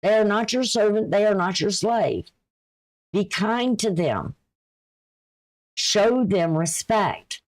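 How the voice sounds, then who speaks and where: A woman's voice: medium pitch, lively intonation, takes it slowly, pauses often. A woman giving a casual, folksy astrology reading, chatty and advice-giving, with a runny nose. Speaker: astrology and tarot reader.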